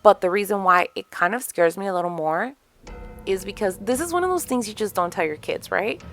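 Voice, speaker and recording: A woman's voice: medium pitch, a little fast, soft background music. A woman in her thirties hosting a casual podcast, telling stories animatedly with lots of fillers and a few phrases. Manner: animated storytelling, many fillers, Spanish phrases mixed in. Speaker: podcast host.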